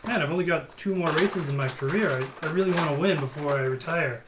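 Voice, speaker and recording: A man's voice: fairly high pitch, brisk, reverberant, background noise, close to an everyday voice. A man voicing an aging male racehorse who is desperate for a single win, in a plaintive, pleading tone.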